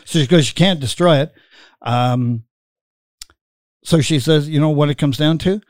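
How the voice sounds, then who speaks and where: A man's voice: a little high, normal speed, darkish tone, no room sound, clean studio sound. A middle-aged man hosting a casual chat, rambling with many fillers and laughing as he tells stories. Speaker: podcast host.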